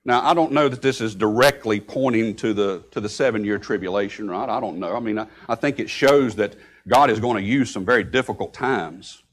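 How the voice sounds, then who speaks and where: A man preaching a sermon, breaking into sudden loud outbursts when he quotes scripture. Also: on the low side, a little fast, hardly any pauses. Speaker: pastor.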